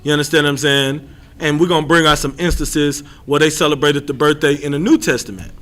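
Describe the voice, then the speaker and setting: A man teaching scripture in a loose, blunt, slangy way. His voice sits high and sounds bright and sharp. He drags out repeated lines for emphasis and keeps restarting his thoughts. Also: fairly even intonation, a little fast. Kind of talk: street-style scripture lesson.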